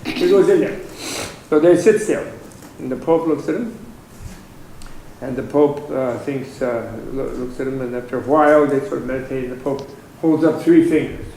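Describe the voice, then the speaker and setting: An older man telling a long joke to an audience in an animated storytelling way. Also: mid-range voice, normal speed, vocal fry. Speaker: speaker at a public dialogue. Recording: very echoey hall, faint noise.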